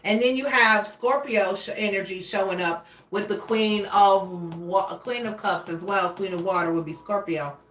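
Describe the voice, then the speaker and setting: A woman's voice: medium pitch, normal speed, few pauses, a bit bright, slight background noise. A woman giving a casual tarot reading, rambling and restarting as she searches for words. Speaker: tarot reader. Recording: echoey room, voice a bit far from mic.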